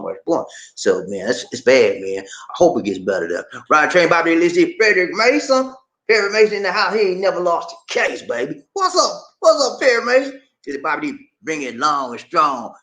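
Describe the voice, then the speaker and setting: A mid-range male voice with roomy sound belongs to a vlog host from Charleston, South Carolina, whose Gullah Geechee accent comes through in a casual live-stream chat from his home in the Philippines. He's animated, laughs a lot, and reads viewer comments.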